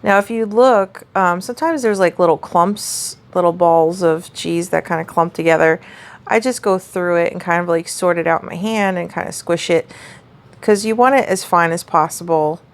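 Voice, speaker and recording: A woman talks through a home recipe in a relaxed, rambling way, full of "um" and "like". Her voice sits a little low and has a gravelly edge. She sounds easygoing as she explains each step. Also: normal speed. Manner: chatty, rambling, many fillers. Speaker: home cook showing a recipe. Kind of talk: casual cooking demonstration.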